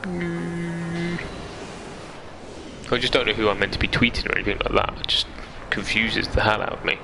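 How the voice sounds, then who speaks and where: A man's voice: fairly low pitch, steady tone, quick pace, creaky, noisy background. A young man streaming a game live, chatting casually, reading viewer comments aloud and laughing easily. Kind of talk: casual live-stream chat over gameplay. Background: game music.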